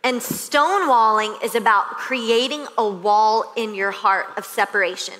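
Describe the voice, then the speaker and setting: A woman's voice: on the high side, pushed and bright, big-room sound, rough recording. A female pastor preaching earnestly, building points through repetition. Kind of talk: sermon. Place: church stage.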